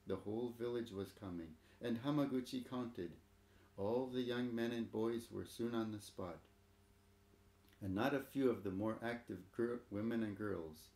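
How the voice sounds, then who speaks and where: A man reads a story aloud in a measured, dramatic way. His voice is low and gravelly. The reading carries a roomy echo. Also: darkish tone. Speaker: narrator.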